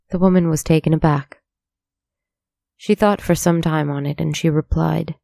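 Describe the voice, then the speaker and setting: A storyteller giving steady scripted narration of a dark tale. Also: mid-range voice, normal speed, vocal fry, pauses often, no room sound.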